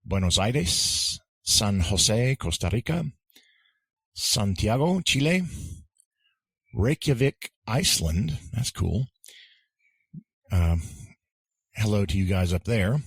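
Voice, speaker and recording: A deep, husky-voiced man chatting on a podcast. He is relaxed and jokey, with a dry, close sound. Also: slow, long pauses, no echo. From United States. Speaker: podcast co-host. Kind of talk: casual language-lesson podcast chat.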